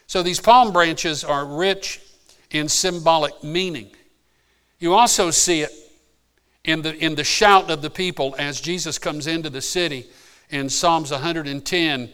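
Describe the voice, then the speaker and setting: Fervent male preacher, smooth voice. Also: a little high. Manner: builds from calm teaching to fervent emphatic preaching; repeats and restarts words mid-phrase. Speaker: pastor. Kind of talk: sermon.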